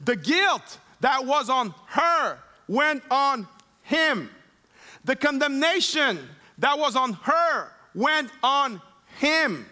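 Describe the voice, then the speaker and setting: Slow, high-voiced preaching man. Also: sing-song, bright, forceful tone. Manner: emphatic, slow preaching with dramatic retold scenes. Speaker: pastor. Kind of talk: sermon.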